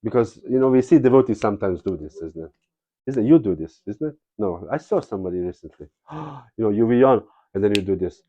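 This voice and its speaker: A man's voice: fairly low pitch, lively intonation, fast talker, warm tone, muffled recording. A man giving a spiritual lecture, telling stories in a casual, digressive way and often adding "you know". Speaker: spiritual teacher. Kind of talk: devotional lecture with storytelling.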